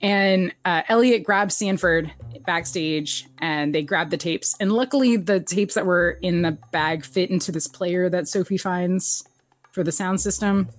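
A woman casually recapping a TV episode as a podcast co-host, animated and laughing often, jumping up in pitch when she quotes characters. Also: unhurried, soft background music. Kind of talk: casual chat.

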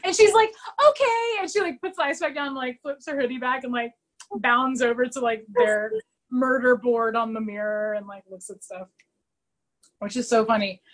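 A woman in casual podcast chat, retelling scenes with lots of fillers and quick quoted voices. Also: fairly high pitch, rough recording. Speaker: podcast co-host recapping a TV episode.

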